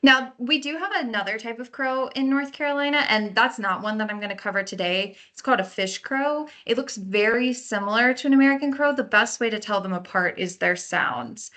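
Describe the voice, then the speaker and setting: Bright-voiced woman giving a bird lecture. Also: a little high, brisk, hardly any pauses. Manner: friendly explanatory, imitates bird calls. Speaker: park naturalist. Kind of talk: lecture on birding by ear.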